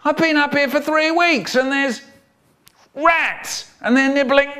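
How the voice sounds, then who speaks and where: A man putting on the voice of a whiny young schoolchild who begs the teacher in a drawn-out whine. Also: extremely high pitch, pushed and bright, voice pushed up, exaggerated voice. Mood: pleading.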